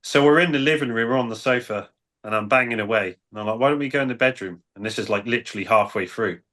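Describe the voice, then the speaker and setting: A man's voice: medium pitch, fast, a bit bright. A man with a British accent, a dating coach, telling cheeky stories in a matter-of-fact way. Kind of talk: casual storytelling on a panel.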